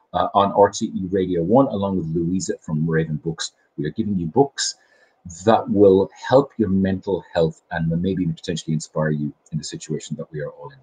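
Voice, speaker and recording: Brief: chatty Irish host, middle-aged, deep voice, lively delivery, recorded at home on a webcam. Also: male voice, husky, poor audio. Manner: chatty, enthusiastic, self-deprecating. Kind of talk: casual chat show monologue. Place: home kitchen.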